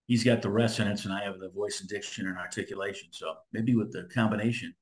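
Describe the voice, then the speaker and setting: A middle-aged man with a lowish voice speaks fast as he tells casual stories on an interview. Formerly a radio DJ from Southern California, he's animated and mimics the voices of the people in his stories.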